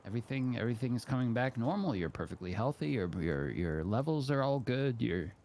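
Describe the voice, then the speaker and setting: A man's voice: medium pitch, animated, brisk, a little mellow, slight background noise, natural voice. A man voicing a baffled, apologetic male doctor who stammers and hesitates.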